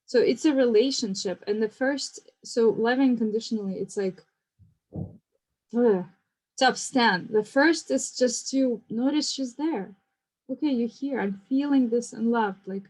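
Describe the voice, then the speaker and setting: Woman, therapist, gentle reflective class talk, trails and restarts. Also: a little high, a little slow, rough recording. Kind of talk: casual teaching conversation.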